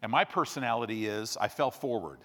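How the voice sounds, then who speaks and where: Animated preacher telling stories. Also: male voice, a little fast, vocal fry. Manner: animated storyteller, swings between loud bursts and low hushed asides. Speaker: pastor. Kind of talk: sermon storytelling.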